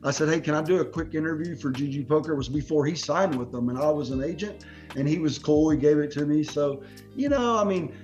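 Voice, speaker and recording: A man's voice: a little high, quick pace, darkish tone, muffled recording, soft background music. A man hosting a podcast, telling long rambling stories in slangy talk full of "bro" and swearing. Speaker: podcast host. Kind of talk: casual podcast chat.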